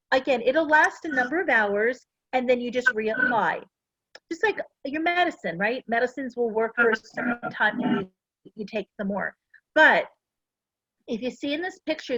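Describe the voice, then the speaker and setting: A woman's voice: on the high side, fairly bright tone, slightly rough, no room sound, highs cut off. A middle-aged woman giving a casual, earnest talk to a class, full of personal stories. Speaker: essential oils presenter.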